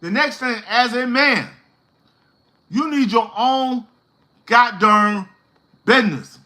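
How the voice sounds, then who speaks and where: A man's voice: very high-pitched, takes it slowly, pushed and bright. A middle-aged man giving a blunt motivational monologue to the camera, preachy and slangy, lecturing with emphasis. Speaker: fragrance business vlogger.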